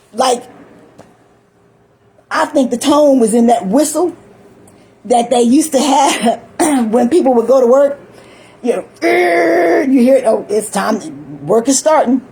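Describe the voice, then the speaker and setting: A woman's voice: high voice, expressive, measured pace, long pauses, mellow, low-quality recording. An older woman talking in a rambling, chatty monologue, often laughing and acting out little voices. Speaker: vlogger.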